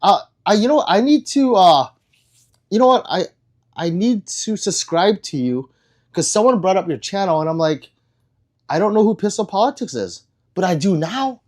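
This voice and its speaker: A man's voice: high-pitched, lively intonation, moderate pace, darkish tone. A young man hosting a casual live stream, joking and rambling as he reads out viewer comments. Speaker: livestream host reading chat.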